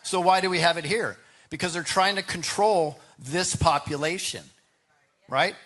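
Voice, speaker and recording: A man's voice: high voice, normal speed, fairly bright tone. A man gives a debate answer in a loose, rambling way. He restarts his sentences and keeps tossing in "right?" to the crowd. His voice sits a little above the usual male range. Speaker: political candidate.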